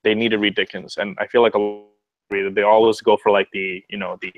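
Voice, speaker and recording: A man's voice: fairly low pitch, little pitch movement, quick pace, dry recording, phone-quality sound. A man chatting casually as a guest on a video call, rambling and profane with frequent restarts. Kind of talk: casual chat.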